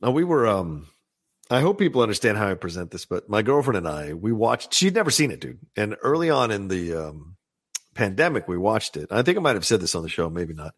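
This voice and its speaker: A man chats on a podcast with a gravelly, husky voice that swings widely in pitch. He is animated and laughs easily, and the sound is dry and close to the mic. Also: fairly quick. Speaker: podcast co-host. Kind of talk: casual film discussion.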